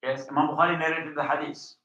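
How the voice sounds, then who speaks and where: A man giving a classroom lecture on religion, explaining slowly, often checking his students follow and reciting Arabic passages quickly. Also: on the high side, little pitch movement, bright, forceful tone. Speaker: religious teacher. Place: mosque hall. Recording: dull, echoey mosque hall.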